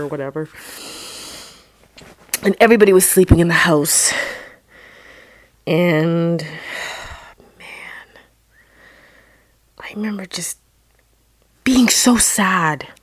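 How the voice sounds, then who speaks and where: A woman telling a personal story dramatically, dropping into hushed whispers and then rising into loud outbursts. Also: low voice, dry recording.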